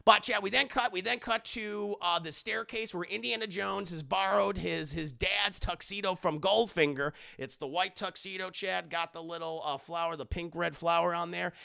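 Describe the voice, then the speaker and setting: A man's voice: sits high, moderate pace, vocal fry, hardly any pauses, pushed and bright, clean tone. A man reviewing a movie on a livestream, rambling and swearing as he talks to his chat. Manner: rambling, profane, keeps addressing chat.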